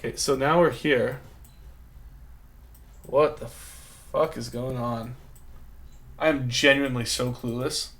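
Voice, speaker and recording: This game streamer offers live commentary on a geography guessing game, thinking aloud in a rambling, self-mocking way. His voice sits at medium pitch, fairly bright and steady, moving slowly with frequent pauses.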